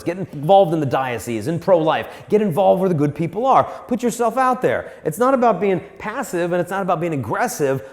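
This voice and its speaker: A man's voice: a little high, darkish tone. A man giving a live, joking talk on dating to an audience in a large hall, acting out the people he quotes. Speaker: Catholic speaker on dating and marriage. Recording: long hall reverb.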